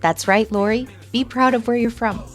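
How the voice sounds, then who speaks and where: A woman's voice: a little high, fairly even intonation, normal speed. Friendly woman hosting over music. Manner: friendly, encouraging interviewer. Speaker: podcast host. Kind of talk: hosted interview and narration.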